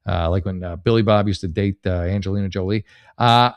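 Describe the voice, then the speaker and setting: A man with a fairly low voice talks through a listener's dilemma in a loose, joking way. He swears freely, repeats words as he restarts sentences, and keeps a sarcastic edge as he hands out advice. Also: quick pace. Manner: rambling, sarcastic, profane, stammering restarts. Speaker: podcast host giving advice. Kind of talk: casual comedic advice chat, reading posts aloud.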